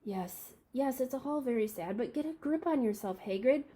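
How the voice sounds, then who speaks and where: A woman's voice: expressive, warm tone. Woman reading as a stern older witch professor. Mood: brisk. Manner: brisk, scolding, raised pitch.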